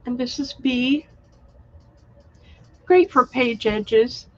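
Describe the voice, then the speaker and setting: A woman hosting a live online craft sale, chatty and unhurried, showing handmade items and reading out winning bidders. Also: fairly high pitch, expressive, darkish tone, highs cut off. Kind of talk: live online sales stream.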